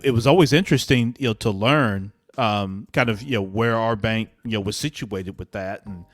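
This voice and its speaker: A man hosting a podcast interview, speaking in a halting way, searching for his words. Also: on the low side, no echo. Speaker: podcast host.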